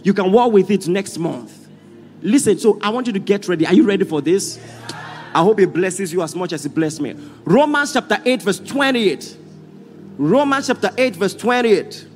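Male Nigerian pastor, high animated preaching voice, rousing call-and-response, hall echo with faint music underneath. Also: normal speed. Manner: rousing call-and-response, often shouting to the congregation. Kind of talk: sermon.

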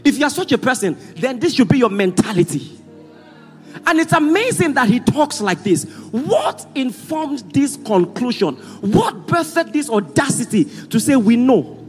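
High-voiced Nigerian preacher, rousing and echoing. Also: male voice, big pitch swings, moderate pace. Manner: rousing call-and-response, often shouting to the congregation. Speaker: pastor. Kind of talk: sermon. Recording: hall reverb with faint music.

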